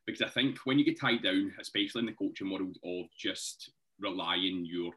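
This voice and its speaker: A man's voice: sits low, normal speed, bright, forceful tone. A Scottish man, a personal trainer guest on a podcast, talking earnestly and thoughtfully with frequent laughs. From Scotland. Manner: earnest and reflective, laughs often, says mate. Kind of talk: interview conversation.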